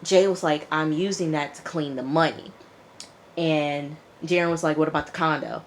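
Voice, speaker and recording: Chatty low-voiced woman recapping a show. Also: moderate pace, a little hiss or hum. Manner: chatty, animated retelling with quoted dialogue. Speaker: TV show reviewer. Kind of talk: casual recap chat.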